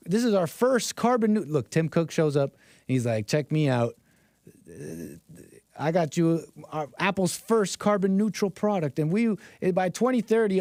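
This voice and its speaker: A sarcastic male streamer rambles through a casual commentary, his voice rising and falling a lot. His pitch sits a little high for a man. The sound is dry and close, from a home streaming setup. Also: darkish tone, dry recording. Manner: rambling, sarcastic, chuckling asides. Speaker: streamer and call-in host.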